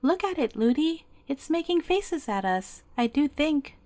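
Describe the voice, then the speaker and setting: A woman's voice: high-pitched, measured pace, dry recording, voice pushed up, full character voice. A woman voicing a curious, chattering little girl princess who calls out eagerly. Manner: eager, excited calling out.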